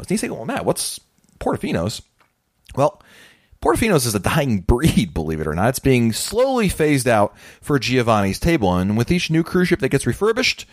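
A man's voice: mid-range voice, no echo, studio quality. A man in his thirties hosting a casual solo podcast, chatty and self-deprecating as he tells stories. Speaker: podcast host.

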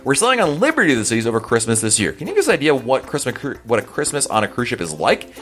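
A man's voice: mid-range voice, huge pitch swings, very fast, a bit bright, soft background music. A man hosting a podcast in a casual, chatty, rambling way as he answers listener emails. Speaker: podcast host.

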